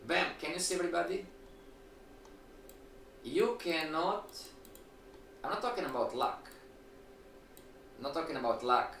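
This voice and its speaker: A man teaching a live-streamed trading lecture, animated, asking rhetorical questions and acting out his students' replies. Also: on the high side, unhurried, vocal fry, long pauses. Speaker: trading instructor. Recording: echoey room, distant mic, faint noise.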